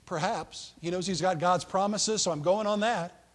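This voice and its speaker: A high-voiced man preaching as a pastor, chatty and playful, slipping into little voices for the people in the story. His voice rings out with a long reverb, as in a large hall. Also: moderate pace. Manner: conversational, joking storyteller acting out quotes. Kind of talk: sermon.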